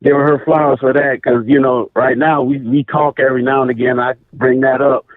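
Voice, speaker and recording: A man's voice: mid-range voice, brisk, no echo. Man telling a story over a tinny phone line. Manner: animated, repeats phrases for emphasis. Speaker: caller. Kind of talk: casual storytelling.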